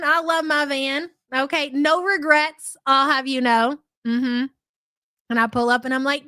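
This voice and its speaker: A woman's voice: sits high, fairly even intonation, a little slow, pushed and bright, no echo, clean studio sound. A middle-aged woman hosting a live stream, chatting casually and rambling, with frequent profanity.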